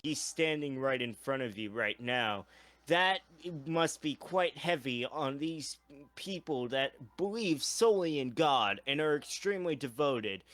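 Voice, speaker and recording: Slow, measured man, dry close mic. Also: mid-range voice, animated, fairly bright tone, dry recording. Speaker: co-host. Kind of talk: casual chat about a roleplay story.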